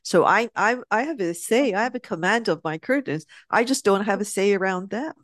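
A middle-aged woman speaking as a guest in a conversation, telling stories and acting out quoted voices with lively shifts. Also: medium pitch, a little fast, no room sound, studio quality. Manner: reflective, acts out quoted voices animatedly. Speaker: guest sharing spiritual reflections. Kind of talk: conversational storytelling.

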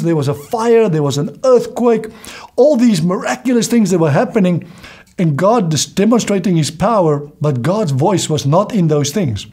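A man preaching a sermon, reading scripture aloud and explaining it, with an occasional hallelujah. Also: high voice. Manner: reads scripture aloud, warm laughs, says hallelujah.

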